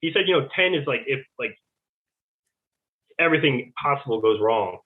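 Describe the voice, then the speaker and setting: A man's voice: mid-range voice, expressive, normal speed. A male American podcast guest recounting a story in a rambling way, full of restarts and filler words. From United States. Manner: rambling, fills speech with "like" and restarts. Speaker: podcast guest, Navy veteran. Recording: tinny phone-like line.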